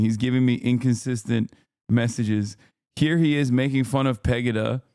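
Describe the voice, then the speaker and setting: A man's voice: medium pitch, darkish tone, clear, resonant tone, dry recording, studio quality. A man hosting a casual livestream, talking back to his chat in a profane, ranting way and laughing often. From lives in California. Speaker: livestream host.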